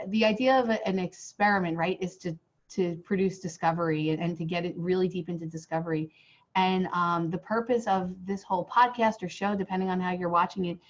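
A woman hosting a casual interview podcast, her voice hoarse from a cold, rambling with many fillers and restarts. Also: mid-range voice. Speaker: podcast host. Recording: dull lo-fi sound.

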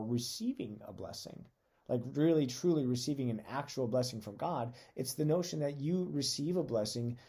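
A man's voice: medium pitch, mellow, breathy edge. A man preaching a conversational sermon on a podcast, earnest and reading scripture aloud with emphasis.

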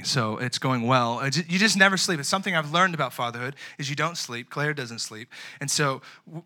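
A young man preaching a sermon, switching between lively storytelling and hushed, earnest moments. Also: mid-range voice. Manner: animated preaching that swings between loud and hushed; casual, chatty storytelling with fillers. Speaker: pastor.

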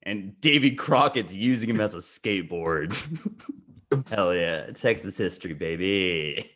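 A man co-hosting a comedy podcast talks in loose, teasing banter, always ready with a joke. His voice sits on the low side of the usual range. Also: fairly bright tone. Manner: playful, teasing, quick to crack jokes. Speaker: podcast co-host. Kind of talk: joking casual banter.

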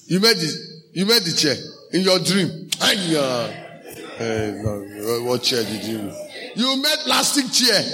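A male pastor with a Nigerian accent preaching a sermon, slipping into pidgin phrases and breaking into shouted emphasis. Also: sits high, a little hiss or hum.

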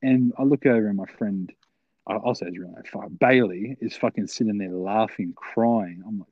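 A young man co-hosting a podcast, telling stories with crude humour and frequent laughter. His voice sits fairly low. It is recorded dry, with a slightly dull, lo-fi sound. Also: moderate pace, dry recording. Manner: laughing, crude, animated storyteller. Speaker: podcast co-host. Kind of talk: casual podcast chat, storytelling.

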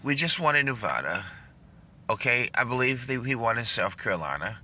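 A man's voice: medium pitch, brisk. A man chatting casually to his viewers, telling a story and acting out the voices of the people in it. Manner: storytelling, acts out quoted voices, animated. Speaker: vlogger. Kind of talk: casual chat to camera. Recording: loud traffic noise outdoors.

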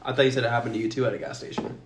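A man's voice: medium pitch, flat delivery, racing, a little hiss or hum. Young man, podcast co-host, casual joking chat, laughing, echoey room.

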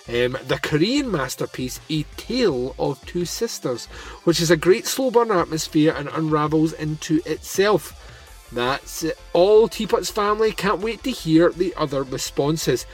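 A man hosting a podcast, talking in a chatty, enthusiastic way with plenty of fillers. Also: a little high. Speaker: podcast host. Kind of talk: casual podcast chat.

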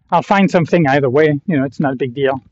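A man's voice: on the high side, a little fast, a little mellow. A man from Canada talking to the camera while walking a long trail, rambling in a reflective way with many fillers and restarts. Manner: reflective and self-aware. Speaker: vlogger walking a long-distance pilgrimage trail. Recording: dull lo-fi recording.

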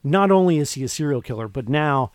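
A man co-hosting a podcast, recapping film scenes in an animated, casual way with lots of restarts. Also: mid-range voice, a little fast, clear, resonant tone, no echo, studio quality. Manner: animated, retells scenes with quoted lines and restarts. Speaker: podcast co-host. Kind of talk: casual movie review chat.

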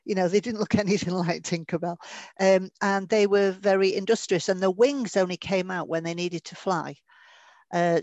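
A woman's voice: fairly low pitch, darkish tone, no room sound. A woman, a medium giving a podcast interview, who tells stories in a chatty, anecdotal way and laughs now and then. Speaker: guest medium.

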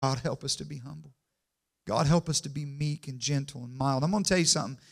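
A man preaching a sermon in church, calling for amens and building from quiet to loud and emphatic. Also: medium pitch, fast talker, vocal fry. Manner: call-and-response, asks the congregation for amens.

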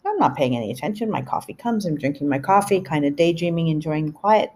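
A middle-aged woman with a slightly low voice tells a family anecdote on her podcast. She talks in an animated, chatty way with plenty of asides. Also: fast. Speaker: podcast host. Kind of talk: storytelling monologue.

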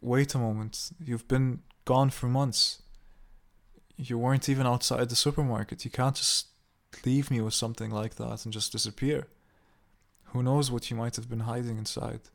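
A man with a gravelly voice voicing a frightened, defensive homeowner. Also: medium pitch, steady tone, moderate pace, natural voice. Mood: protesting. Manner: nervous and pleading.

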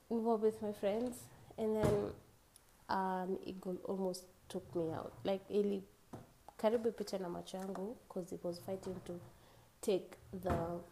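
A woman's voice: mid-range voice, warm tone, a little hiss or hum, poor audio. A young woman with a Kenyan accent, hosting a podcast and telling a story in a chatty way. She mixes English with Swahili slang and laughs often. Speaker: podcast host. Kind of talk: casual storytelling.

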